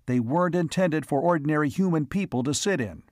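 A man's voice: fairly high pitch, a little fast, darkish tone, dry recording, studio quality, natural voice. A man reading as a young plain-spoken salesman. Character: young male salesman leading an exploring crew.

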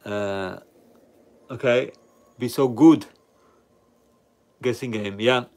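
Slow-talking, laid-back male streamer. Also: mid-range voice. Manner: relaxed, chatty, reading out viewer comments. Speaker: live stream host. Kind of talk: casual live chat with viewers.

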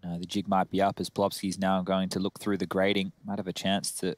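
Low-voiced analytical male caster. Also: brisk, dry recording. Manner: steady, analytical, dry joking. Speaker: esports commentator. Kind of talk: live esports play-by-play and analysis.

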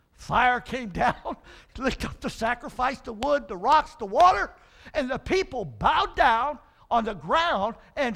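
A middle-aged male pastor preaching a sermon, telling Bible stories in an animated way, acting out the figures and building to shouts. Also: very high-pitched, unhurried, vocal fry.

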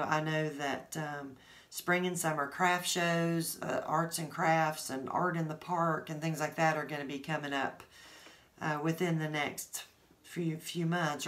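A woman hosting her art channel, chatting casually to viewers with many fillers and restarts. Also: sits low. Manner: rambling, warm-hearted, many fillers. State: teary, choked up.

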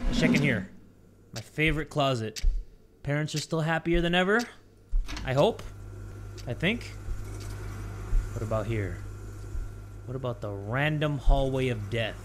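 A young man giving jokey, excitable let's play commentary on a horror game, swearing and talking to his viewers. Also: fairly high pitch, a little hiss or hum. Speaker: gaming YouTuber.

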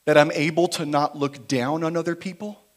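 Pastor prêchant avec une voix assez haute. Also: male voice, on the high side, fairly even intonation, moderate pace. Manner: dynamic preaching, shifting between quiet emphasis and raised intensity. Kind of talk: sermon. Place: church sanctuary.

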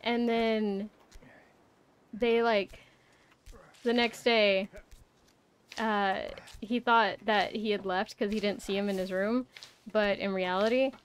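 A woman's voice: mid-range voice, fairly even intonation, slow, long pauses, slight background noise. A young woman streaming a game, chatting casually, rambling and swearing with lots of fillers. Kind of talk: casual live-stream chat.

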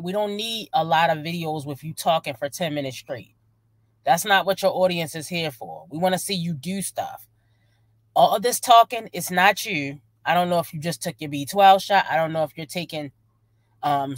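A woman's voice: sits low, no echo. Sarcastic woman reaction host. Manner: sarcastic, scolding, talks back at the clip. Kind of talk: mocking reaction commentary.

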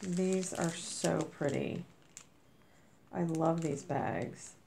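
A woman vlogger, a little under the weather, gushing as she opens mail, with a squeaky voice. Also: very slow, gravelly, dark tone, a little hiss or hum. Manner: gushing, effusive. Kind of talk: casual unboxing chat.

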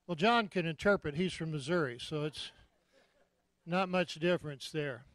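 A man in his seventies preaching a sermon, jovial and joking, breaking into loud shouts of praise. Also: fairly high pitch, normal speed, no room sound. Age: 70s. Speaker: guest preacher.

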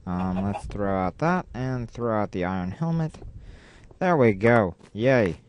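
A man's voice: lowish voice, expressive, unhurried, slight background noise. A man giving casual, playful gameplay commentary, rambling and talking to himself as he plays. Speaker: let's play gamer. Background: loud game music.

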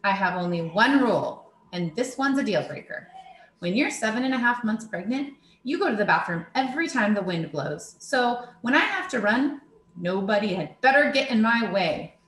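A woman reading as a blunt, wry pregnant teacher in an audiobook story, laying down the rules in a matter-of-fact way. Her pitch moves lively through the lines, and the voice sits in a roomy, echoing space. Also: moderate pace, natural voice. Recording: roomy echo.

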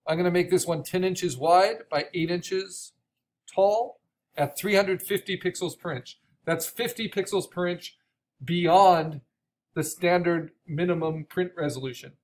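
A man teaching an online art course, explaining steps with frequent restarts and a voice gone raspy from coughing. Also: high voice, unhurried, slight background noise. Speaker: art instructor. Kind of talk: recorded online course lecture.

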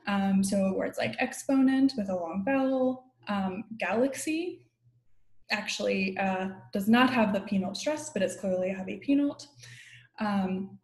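A mid-pitched woman delivers an academic linguistics lecture over a video call. She explains step by step, filling pauses with ums and hedging with "like" and "sort of." Her voice carries a noticeable room echo. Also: a little mellow. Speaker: guest lecturer.

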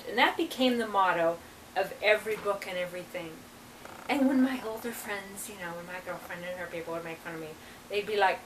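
A woman's voice: on the low side, fast talker, recorded from a distance, a little hiss or hum, low-quality recording. A woman reverend in casual, rambling talk with many asides, reading aloud from channeled texts.

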